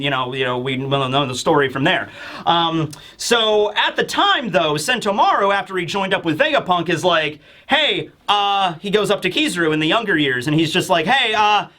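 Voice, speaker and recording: A man with a slightly high, pushed, bright voice hosts a casual manga review. He rambles enthusiastically through his commentary, packing it with fillers.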